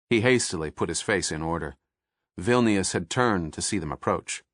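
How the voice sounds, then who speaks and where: A man narrating a thriller audiobook in a measured, steady scripted style. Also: low-pitched, no room sound, clean studio sound.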